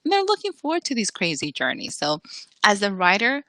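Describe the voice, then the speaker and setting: A woman author chatting in an interview, lively and acting out the people she quotes. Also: mid-range voice, brisk, no room sound. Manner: animated, acts out quoted voices. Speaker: author guest. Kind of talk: casual interview chat.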